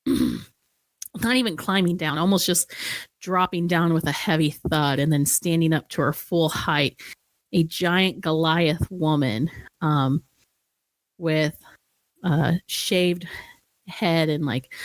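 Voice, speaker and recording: A woman's voice: sits low, no echo. A woman narrating a tabletop role-playing game as game master, casual and descriptive, laughing easily.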